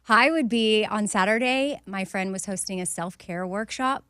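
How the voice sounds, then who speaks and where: A woman's voice: mid-range voice, moderate pace, fairly bright tone, clear, resonant tone, dry recording. A woman co-hosting a morning radio show, telling a story in an earnest, chatty way into a studio mic. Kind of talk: casual morning radio chat. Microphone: studio microphone.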